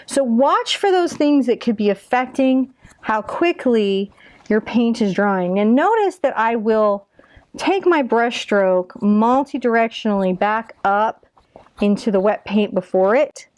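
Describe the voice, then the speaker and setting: A woman's voice: fairly high pitch, expressive, a little slow, a little mellow, no room sound. A woman in her forties teaching a live painting lesson, chatty and encouraging as she talks through each brush stroke. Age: 40s. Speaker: painting instructor.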